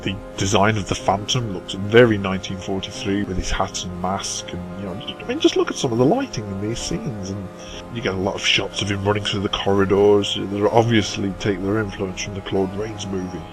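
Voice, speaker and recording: A man's voice: fairly low pitch, lively intonation, a little fast, music in the background, poor audio. A man hosting a film review, talking with dry, wry asides. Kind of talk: comedic review talk.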